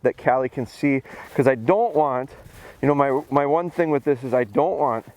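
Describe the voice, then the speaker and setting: Man explaining dog training outdoors. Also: moderate pace. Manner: calls dogs in a high excited voice, then explains calmly. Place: outdoors in snowy field.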